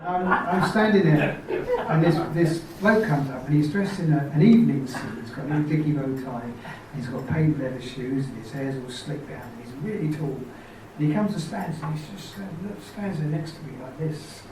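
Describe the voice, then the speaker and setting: A man's voice: fairly high pitch, moderate pace, noisy background. A middle-aged man chatting to an audience between songs, telling a funny story with chuckles along the way. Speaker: folk singer on stage. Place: small club venue in front of an audience. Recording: echoey live room recording from a distance, guitar in the mix.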